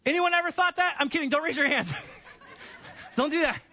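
A man preaching a lively sermon as pastor, teasing his listeners with jokes and sarcasm. His voice sits high and bright. The sound is slightly dull. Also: moderate pace. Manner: animated, joking and sarcastic with the congregation.

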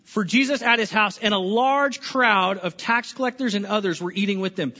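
A man's voice: sits high, moderate pace, pushed and bright. A male pastor preaching a conversational sermon to a room, often restarting words and asking the listeners questions. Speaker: pastor overseeing small groups. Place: church hall with an audience. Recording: echoey hall, dull lo-fi sound.

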